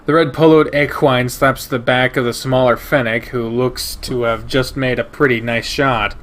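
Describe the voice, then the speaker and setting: A man reading a visual novel aloud in first person, steady and measured. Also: mid-range voice. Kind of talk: first-person narration of a game.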